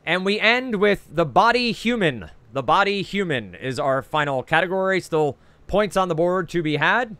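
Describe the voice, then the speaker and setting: Jersey-accented male quiz host, slightly high, very lively delivery, dry video-call sound. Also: no echo. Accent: New Jersey. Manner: reads each clue twice, brisk and chatty, with frequent "uh". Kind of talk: reading trivia clues and scoring.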